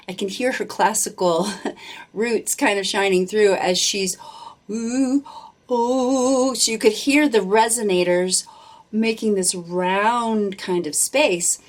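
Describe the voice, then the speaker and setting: A woman vocal coach giving effusive, gushing commentary on a live performance, often restarting her sentences. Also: on the low side. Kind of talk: reaction commentary.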